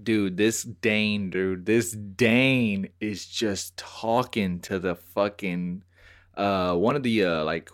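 A man's voice: fairly low pitch, slow. A man hosting a podcast, telling stories in casual chat, swearing and acting out voices. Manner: animated storyteller, swears, acts out voices. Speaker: podcast host.

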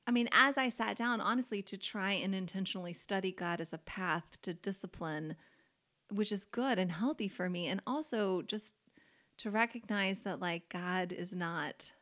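A woman's voice: mid-range voice, normal speed, a bit bright. A woman co-hosting a casual faith podcast conversation, chatty, full of "like" fillers and easy laughter, leaning hard on key words. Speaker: podcast co-host.

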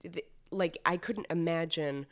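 A woman's voice: lowish voice, unhurried. A woman chatting casually about a film, with many fillers and quoted reactions. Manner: filler-heavy, retells scenes with put-on quotes. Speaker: podcast guest.

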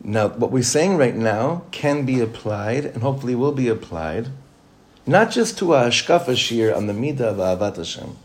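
A rabbi with a middle-pitched male voice leads an informal class conversationally, with lively intonation at a moderate pace. He circles back over his own phrases for emphasis and often breaks into a chuckle.

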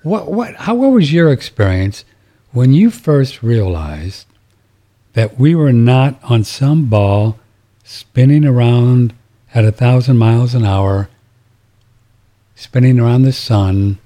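Man, talk radio host, rambling, lots of fillers, mellow voice. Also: mid-range voice, expressive, slow pace. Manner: rambling, with many fillers and restarts. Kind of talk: casual talk radio chat.

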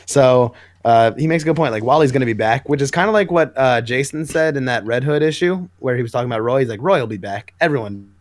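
A man's voice: medium pitch, fast talker. A man co-hosting a casual comic book podcast, recapping scenes with enthusiasm and acting out the lines. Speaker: podcast co-host.

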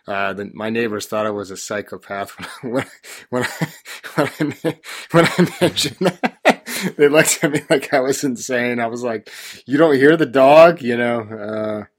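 A man hosting a podcast, ranting in an exasperated, joking way. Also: on the low side. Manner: ranting, exasperated complaining with laughs. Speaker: podcast host. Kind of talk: casual chat.

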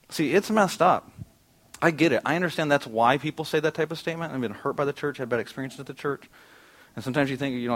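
A middle-aged pastor preaching a conversational sermon in a church auditorium, asking the congregation questions. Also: male voice, fairly high pitch, fast.

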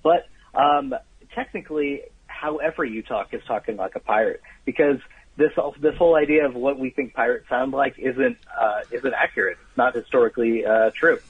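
A man being interviewed as a book's author over the phone, talking with animated enthusiasm about surprising trivia. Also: mid-range voice, moderate pace, husky. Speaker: guest author. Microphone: telephone. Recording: tinny dry phone line.

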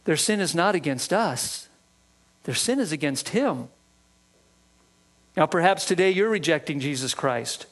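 High-voiced man preaching a sermon. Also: lively intonation, a little slow, pauses often, fairly bright tone. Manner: earnest teaching, reads scripture aloud. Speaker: pastor.

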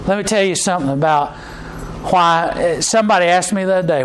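High-voiced preacher, conversational. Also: male voice, brisk, fairly bright tone, a little hiss or hum, low-quality recording. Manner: conversational preaching with frequent restarts and fillers. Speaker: pastor. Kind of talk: sermon.

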